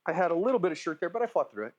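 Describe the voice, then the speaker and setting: A man with a slightly higher-pitched voice gives casual firearms instruction at a shooting range. He keeps it informal and often tacks a quick "right?" or "okay?" onto the end of his points. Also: big pitch swings, a little mellow, a little hiss or hum.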